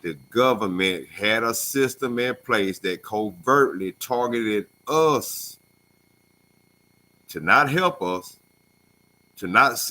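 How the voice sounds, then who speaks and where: A man co-hosting a radio talk show, telling stories in a casual, animated way. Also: mid-range voice. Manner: animated storyteller, acts out voices. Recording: call-in radio show studio.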